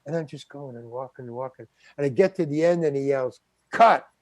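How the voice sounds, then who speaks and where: An older man, a guest actor, telling a story in an interview, animated, stammering and acting out the other people's voices. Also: mid-range voice, fast, dry recording. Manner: animated, acts out quoted voices, stammers and restarts.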